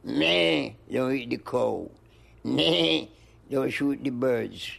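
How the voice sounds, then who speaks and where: An older man, an interview guest, rambling in slow looping phrases and breaking into high-pitched animal noises. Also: vocal fry, darkish tone, breathy edge. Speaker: interview guest, music producer. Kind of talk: rambling stream-of-consciousness chat.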